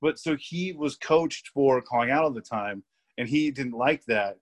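There's background noise as a young man, guesting on a podcast, tells loose, rambling stories at a moderate pace. His middle-pitched voice is full of fillers, laughs mid-sentence and casual swearing in this relaxed storytelling chat.

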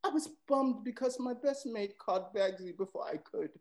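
A man doing a cheeky young British lad bragging about football with his mates. The put-on accent wanders, and the slang is hammed up. The voice sits a bit high. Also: expressive, normal speed, darkish tone, rough recording. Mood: jokey. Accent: put-on British, drifting. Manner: playful, exaggerated slang.

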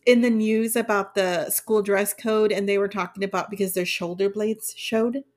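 A woman's voice: medium pitch, fairly even intonation, normal speed. A woman co-hosting a podcast, ranting in casual chat with an exasperated tone. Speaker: podcast co-host.

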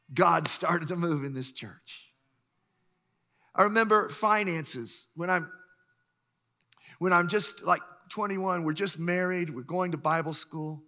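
High bright-voiced preaching man in his 60s. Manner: emphatic, swings between loud bursts and hushed lines. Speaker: pastor. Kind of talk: sermon.

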